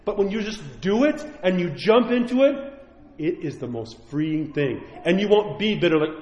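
Middle-aged male priest, passionate sermon, higher-pitched, roomy church echo. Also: big pitch swings, moderate pace, a little mellow, muffled recording. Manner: impassioned, pleading, acts out quoted voices.

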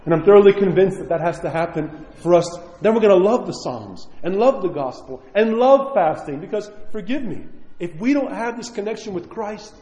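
A man preaching a sermon as a priest, impassioned, swinging from loud pleading to near-whispered prayer. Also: sits high, animated, moderate pace. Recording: echoey church hall.

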